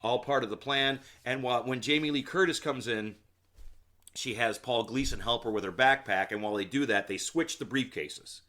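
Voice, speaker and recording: A man's voice: mid-range voice, moderate pace, bright, forceful tone. A rambling man hosting a solo podcast. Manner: casual, rambling, many filler words and asides; opinionated, talks to the listener directly. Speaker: podcast host. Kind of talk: solo comedy podcast movie recap.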